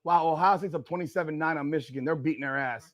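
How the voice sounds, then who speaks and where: A man hosting a live watch party, reacting loudly and profanely to a football game and arguing with the chat. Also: a little high, quick pace, muffled recording. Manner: excitable, profane, argues with chat and the broadcast.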